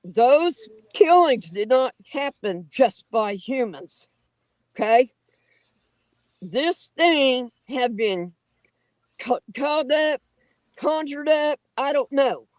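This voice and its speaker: A woman tells her stories in a high, bright voice, folksy and dramatic, with loose grammar. The sound is close and dry, with no room echo. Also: slow pace, long pauses. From Oklahoma. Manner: animated, folksy, dramatic telling with rough grammar. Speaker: guest storyteller on a paranormal livestream. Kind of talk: casual livestream storytelling.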